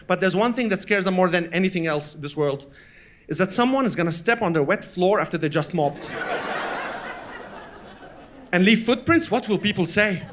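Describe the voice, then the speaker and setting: High-voiced male stand-up comic. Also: background noise. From Lebanon. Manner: storytelling, acting out his parents in voices. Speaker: stand-up comedian. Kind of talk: stand-up comedy set. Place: comedy stage before a laughing audience.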